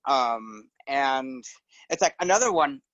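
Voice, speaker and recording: A middle-aged guest chats in a relaxed way, telling stories and now and then breaking into character voices. His mid-range voice moves slowly. The recording has no room sound and the high frequencies are cut off.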